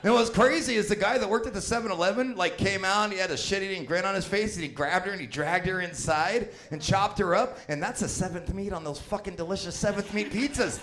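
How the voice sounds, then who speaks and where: A man in his fifties performing stand-up comedy in a high-pitched voice. He rambles, swears constantly and chuckles at his own punchlines. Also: fast talker, hardly any pauses, fairly bright tone, slight background noise. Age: 50s. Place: small comedy venue with live audience.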